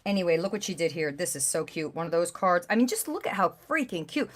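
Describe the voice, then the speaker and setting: A woman hosting a craft livestream, chatting casually and gushing over pieces with bursts of excited exclamations. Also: lowish voice, quick pace. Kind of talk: casual chat while showing craft pieces.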